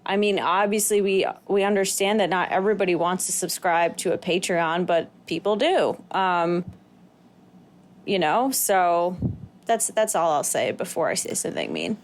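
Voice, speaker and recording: A woman's voice: lowish voice, expressive, normal speed, slight background noise. A woman co-hosting a podcast in casual chat, speaking bluntly and frankly with a wry edge. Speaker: podcast co-host.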